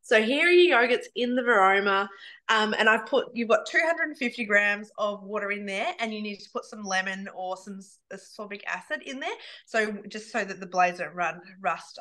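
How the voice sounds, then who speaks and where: Bright-voiced woman, casual rambling cooking presenter. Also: mid-range voice. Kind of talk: live online cooking demo.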